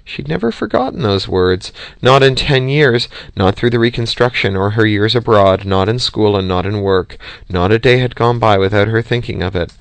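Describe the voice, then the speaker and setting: Man reading an audiobook, low voice, gravelly, steady, close dry mic. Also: moderate pace, few pauses, dry recording. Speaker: audiobook reader. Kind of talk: audiobook narration.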